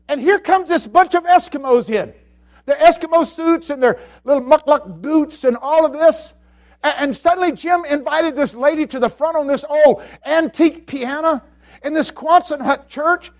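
High-voiced preacher swinging soft to loud. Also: male voice. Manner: storytelling, swings from hushed to shouting; stammering restarts. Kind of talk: sermon.

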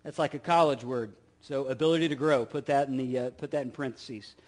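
A middle-aged male pastor preaching a sermon, repeating key phrases, asking the listeners rhetorical questions, and swinging from loud emphasis to soft asides. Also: mid-range voice, fairly quick.

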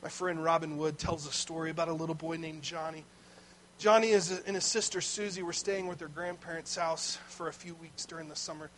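A man's voice: on the high side, steady tone, brisk, a bit bright, a little hiss or hum, low-quality recording. A man preaching a sermon as pastor, telling a story in a conversational way with asides to the congregation.

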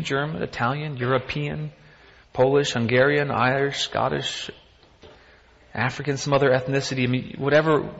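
A man's voice: medium pitch, fairly bright tone. A man giving a sermon in a conversational manner, piling up rhetorical questions and throwing in self-deprecating asides. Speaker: pastor. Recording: dull sound with long reverb from a hall.

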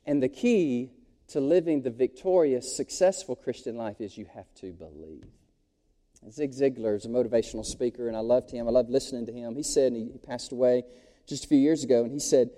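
A man preaching a sermon as pastor, animated, folksy and joking. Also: medium pitch, a little fast. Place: church sanctuary. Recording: long reverb of a large hall.

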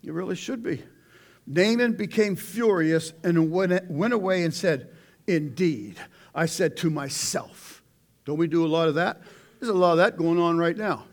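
High voiced guy preaching, chatty sermon, goes loud then real quiet. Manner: conversational preaching, swings from loud to hushed. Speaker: pastor.

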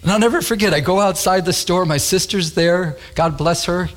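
A man preaching a sermon, telling a childhood story in an animated way and acting out the voices. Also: sits high, normal speed. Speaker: pastor.

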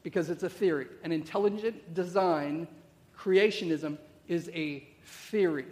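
A man's voice: fairly high pitch, a little slow, darkish tone. A middle-aged male pastor preaching a conversational sermon, full of rhetorical questions and frequent "okay?" check-ins to the congregation. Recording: long reverb of a large hall.

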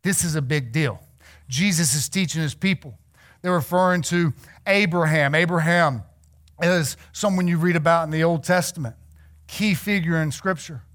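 A male preacher with a notably high voice, delivering a sermon. He tells scripture stories with animated, acted-out dialogue, then drops into a hushed, low voice to drive points home. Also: moderate pace. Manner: animated storytelling, acts out biblical figures.

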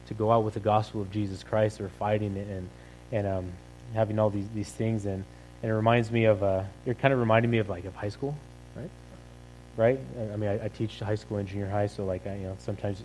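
Casual low-voiced male preacher. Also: darkish tone, a little hiss or hum, rough recording. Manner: rambling, filler-heavy, conversational with frequent "right?". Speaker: pastor. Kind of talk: casual sermon.

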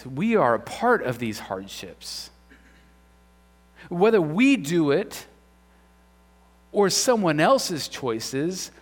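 A man preaching a sermon as pastor, earnest, his voice swinging between loud and hushed. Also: high voice. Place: church hall. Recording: long reverb of a church hall.

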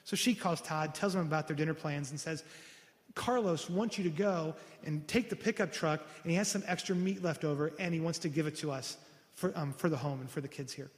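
A man preaching a sermon, telling a story with lively acted-out dialogue. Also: on the high side, a little fast, long reverb tail. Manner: animated storytelling, acting out the voices of the people in his story. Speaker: pastor.

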